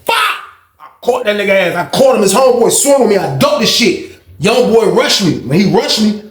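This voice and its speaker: High-voiced man telling a story in a roomy space. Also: normal speed. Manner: animated, heavy street slang, acts out the people he quotes. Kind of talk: casual storytelling. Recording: roomy echo.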